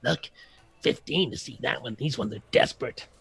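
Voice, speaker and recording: A man's voice: medium pitch, moderate pace, gravelly, fairly bright tone, breathy edge, exaggerated voice. A man voicing an ugly, chattering male halfling guard who hawks visits eagerly for gold.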